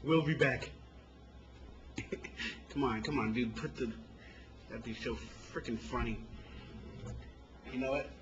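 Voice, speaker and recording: A man's voice: medium pitch, a little slow, pauses often, muffled recording, noisy background. A man hosting a call-in show as a comedian, telling crude, rambling jokey stories.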